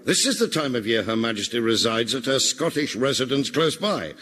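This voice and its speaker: An actor playing a smug, vain master detective in a radio comedy, speaking pompously and theatrically. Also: male voice, medium pitch, sing-song, fairly quick, a bit bright. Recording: live audience laughter. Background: audience laughter.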